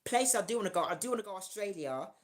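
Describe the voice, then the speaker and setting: A woman from South London with a South London accent, a guest comedian telling loud, animated stories in a casual podcast chat. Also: medium pitch, fast. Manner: loud, animated storytelling with acted-out dialogue.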